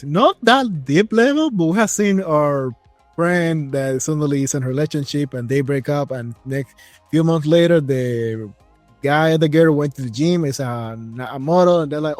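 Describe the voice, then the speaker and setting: A man's voice: on the high side, normal speed, no room sound, faint music behind. Joking male interview host. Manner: conversational, joking, laughs at his own stories. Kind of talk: casual interview chat.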